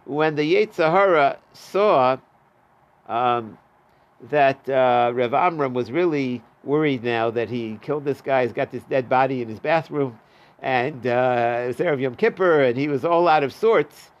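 A man's voice: medium pitch, a little slow, lo-fi sound. A man teaching a Talmud class, reading the Aramaic and translating it in a casual, chatty way. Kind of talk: daf yomi Talmud class.

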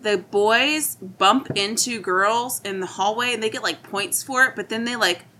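A woman's voice: fairly high pitch, unhurried, pushed and bright, a little hiss or hum, poor audio. A woman in casual chat, explaining a book's plot step by step to a friend. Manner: explains plot points, comparing book and movie. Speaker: podcast co-host.

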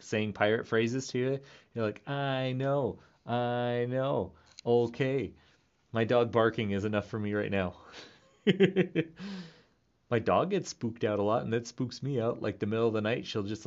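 A man's voice: lowish voice, muffled recording. A man in his thirties rambling playfully in a casual monologue, laughing often. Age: 30s. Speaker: vlogger.

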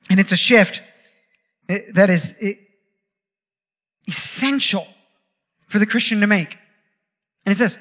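A man preaching a sermon with impassioned delivery, piling up rhythmic repeated phrases and building up to shouts. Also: sits high, slow pace, long pauses.

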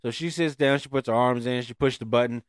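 Guy telling a wild story, cussing, animated, dry room. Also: medium pitch, fast, smooth, no echo. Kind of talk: casual storytelling chat.

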